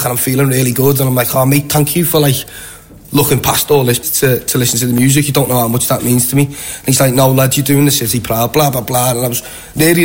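A Liverpudlian man with a Scouse accent, telling animated anecdotes in a casual interview. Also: medium pitch, slight background noise. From Liverpool, England. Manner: chatty, animated anecdotes with acted-out quotes. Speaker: guest. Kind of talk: casual storytelling.

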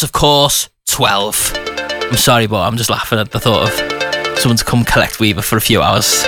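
A man presenting a radio show in a studio, playful and teasing, chuckling between lines. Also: mid-range voice. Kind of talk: upbeat radio show chat. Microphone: studio microphone.

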